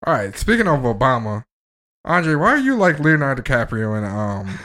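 A man co-hosting a podcast in casual chat, joking and swearing in an animated way. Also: mid-range voice, moderate pace. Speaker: podcast co-host.

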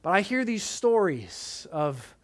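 A man preaching a sermon in an earnest tone, dropping to soft emphatic lines and casual asides. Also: high-pitched, big pitch swings, slow.

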